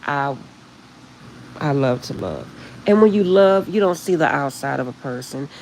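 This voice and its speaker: A middle-aged woman chatting casually with live viewers on her phone, rambling warmly and laughing often. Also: deep voice, animated, a little slow, a little hiss or hum, low-quality recording. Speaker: livestream host.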